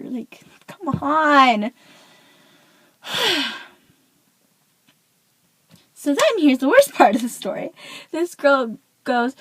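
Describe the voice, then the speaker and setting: A woman's voice: high voice, takes it slowly, long pauses, husky, no room sound, rough recording. A teenage girl telling a school story in a casual rant, peppering every phrase with "like.". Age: teens. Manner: chatty, says "like" constantly, animated. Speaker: vlogger.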